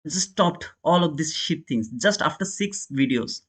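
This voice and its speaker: Indian-accented man, higher voice, chatting live. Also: lively intonation, a little slow, fairly bright tone, slightly rough. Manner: chatty, talks straight to viewers as "brother", reads and answers chat. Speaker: day trader and live-stream host. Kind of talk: casual live-stream chat while trading.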